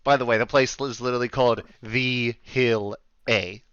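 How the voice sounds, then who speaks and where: A man's voice: mid-range voice, little pitch movement, fairly quick, fairly bright tone, clear, resonant tone, no echo, highs cut off. A man narrating a tabletop game as game master, loose and casual. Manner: loose, swearing, drawling "y'all".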